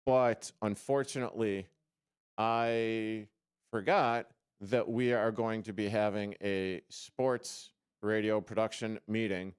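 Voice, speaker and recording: This sports radio host takes his time, his fairly low, steady voice coming through smooth and echo-free on a studio microphone. The show is casual, and he rambles along with self-mocking jokes, lots of fillers, and frequent restarts.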